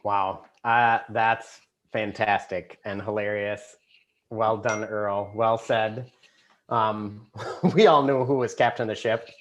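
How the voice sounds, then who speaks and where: A man facilitating an online gathering in casual hosting talk, quick to laugh. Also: lowish voice, steady tone. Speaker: evening's facilitator. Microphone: video call.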